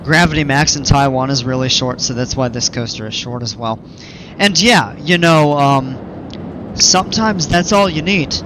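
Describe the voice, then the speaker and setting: A man's voice: medium pitch, normal speed, noisy background. A man casually commenting on a game during a live stream, chatting with viewers in an easygoing, rambling way.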